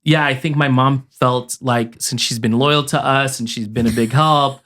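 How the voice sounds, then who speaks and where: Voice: medium pitch, fairly even intonation, a bit bright. A podcast host chatting casually, who jumps in eagerly to retell a shared family memory. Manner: eager, fast interjecting storyteller. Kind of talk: casual chat.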